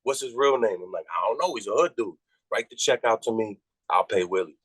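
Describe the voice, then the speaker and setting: A man from Massachusetts, a rapper guest, telling a story in casual, profane talk and jumping high in pitch when he quotes his own reactions. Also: expressive, brisk, breathy edge, dry recording, rough recording.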